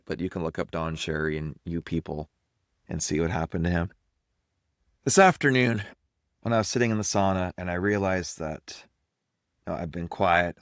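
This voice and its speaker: A man's voice: sits low, no room sound, clean studio sound. A man in his fifties from Canada, a life coach and podcast host, talking at home in a candid, self-reflective solo monologue.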